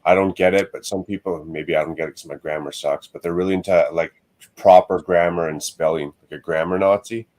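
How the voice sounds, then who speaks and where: A man chatting on a live stream, laid-back and joking, often trailing off quietly. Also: low-pitched, fairly even intonation, a little fast. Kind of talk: casual live-stream chat.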